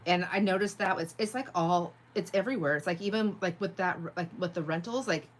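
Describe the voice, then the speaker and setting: A woman with a fairly low voice hosts a relaxed crafting livestream and talks through what she is making. She rambles with lots of "like", laughs easily and answers viewers' comments as they come in. A faint hum sits behind her. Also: normal speed. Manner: reads viewer comments aloud and answers them. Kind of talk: casual crafting livestream chat.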